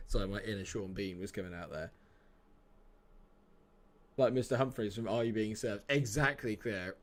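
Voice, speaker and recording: A man's voice: on the low side, normal speed, long pauses, a little hiss or hum. A man, chatting casually and joking with viewers while streaming a game. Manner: chatty, jokey, answers chat by name. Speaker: live-streamer. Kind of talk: casual live-stream chat.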